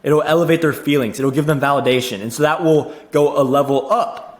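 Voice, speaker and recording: Young dude coaching sales, kinda high voice, super casual and pumped, echoey room. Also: male voice, a little fast. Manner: energetic, repeats words, says "dude" and "like" often. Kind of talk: casual teaching monologue.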